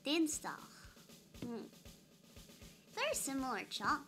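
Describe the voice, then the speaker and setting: A woman's voice: sits high, animated, unhurried, sharp tone, faint music behind. A young woman streaming a game, chatting playfully with her chat and giggling often. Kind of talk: casual live-stream chat.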